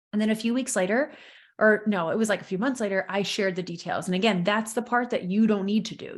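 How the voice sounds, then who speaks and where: A woman in her thirties hosts a solo podcast in a candid, heartfelt way. Her voice sits at a middle pitch and swings up when she gets emotional. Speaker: podcast host, business coach. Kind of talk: casual solo podcast talk.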